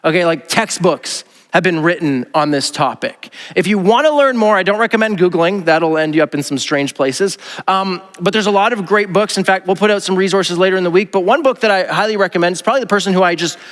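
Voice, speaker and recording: A man, a pastor preaching a casual, animated sermon and acting out the voices he quotes. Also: high voice, fairly quick, hardly any pauses, big-room sound. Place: church auditorium.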